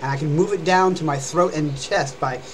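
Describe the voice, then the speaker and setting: In a rough recording with a touch of hiss or hum, a young man gives a casual live-stream lesson on screaming and growling. He talks fairly quickly in a fairly high voice, rambling and demonstrating as he goes.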